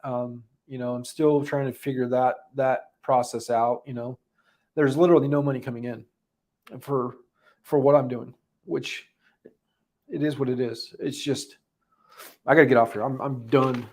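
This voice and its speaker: A man's voice: mid-range voice, steady tone, darkish tone. Choked-up man rambling on a livestream. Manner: halting, emotional, many restarts. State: choked up, holding back emotion. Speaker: livestream host giving a daily recap. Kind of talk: unscripted livestream talk.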